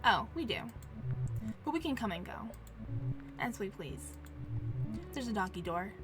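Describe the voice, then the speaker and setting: A woman's voice: mid-range voice, lively intonation, measured pace, natural voice. A woman voicing a cheerful, simple-minded male ghost dog who talks eagerly and innocently, with game music behind.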